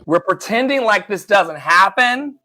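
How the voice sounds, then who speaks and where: Bright, animated male livestream host. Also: high-pitched, measured pace, dry recording. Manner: animated, chatty asides to a co-host. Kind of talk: casual commentary, reading aloud.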